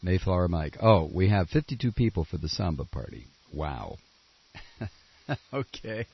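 A man hosting a talk radio show, reading listener mail and taking calls in a blunt, animated way. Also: sits low, unhurried, creaky, lo-fi sound, slight background noise.

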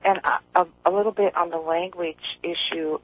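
A woman from East Tennessee calling into a radio show, chatty and rambling, quick to laugh. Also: fairly low pitch, fairly even intonation, slight background noise. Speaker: caller. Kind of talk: casual call-in chat. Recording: tinny phone line.

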